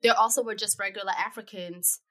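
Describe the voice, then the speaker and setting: A woman co-hosting a casual podcast chat, blunt and quick to steer the conversation. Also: medium pitch, steady tone, crowd noise. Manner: blunt, swears, steers the talk. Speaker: podcast co-host.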